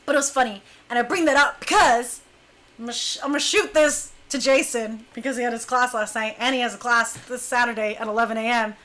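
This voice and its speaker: High-voiced woman telling a lively story. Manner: animated, laughs often, acts out quotes. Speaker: dance crew leader telling a story. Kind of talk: casual storytelling chat.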